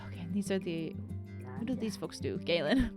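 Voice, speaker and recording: A woman's voice: lowish voice, lively intonation, fairly quick, over music. A young woman streaming a farming game, chatting casually and thinking aloud as she plays. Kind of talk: casual gameplay commentary.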